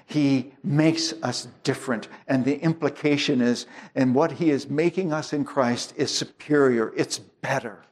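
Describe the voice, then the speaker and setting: A male pastor delivering a sermon at an unhurried, measured pace. His voice sits in an ordinary middle register, and he works through his points with plain everyday illustrations, sometimes stopping and restarting a phrase before pressing on. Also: medium pitch, darkish tone. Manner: slow, deliberate preaching with homely illustrations and restarts.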